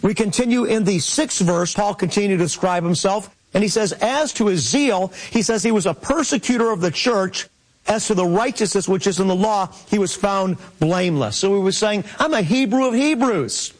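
A man giving an earnest Bible-teaching sermon, slow and emphatic, addressing his listeners as beloved. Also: high-pitched, poor audio. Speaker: messianic teacher.

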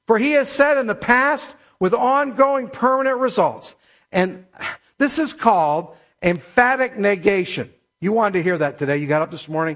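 A man preaching a sermon as pastor, emphatic, slowing down to stress scripture. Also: high voice, fairly bright tone. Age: middle-aged or older.

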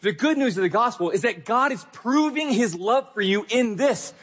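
A man's voice: high-pitched, expressive, normal speed, fairly bright tone, breathy edge. A young adult man preaching a sermon as pastor, earnest and emphatic, speaking straight to his listeners.

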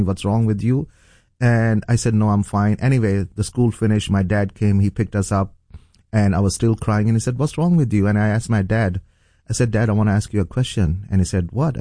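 A man's voice: lowish voice, dark tone, no echo, clean studio sound. A middle-aged man from Pakistan, a pastor, earnestly telling his testimony in an interview, with many fillers and restarts. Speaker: pastor, guest.

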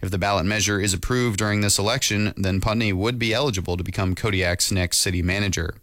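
A man reporting local election news in an even, measured way. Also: on the low side, no room sound, studio quality.

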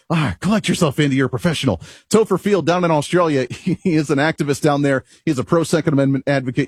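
A man's voice: a little high, breathy edge, no echo, clean studio sound. A male radio talk show host delivering an opinionated monologue, emphatic and rhetorical, chuckling at himself now and then.

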